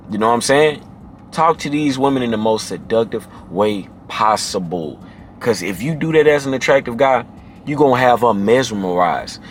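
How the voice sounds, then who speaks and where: A man giving casual dating advice to camera, emphatic and slangy, who drops into a deep low voice to demonstrate. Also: slight background noise. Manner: emphatic and slangy, often adds "man" and "you feel me".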